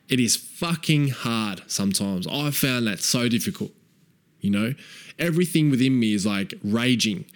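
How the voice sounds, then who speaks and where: A man coaching fathers in a frank, profane way. He keeps asking "right?" and repeats key phrases for emphasis. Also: mid-range voice. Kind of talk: direct-to-camera advice talk.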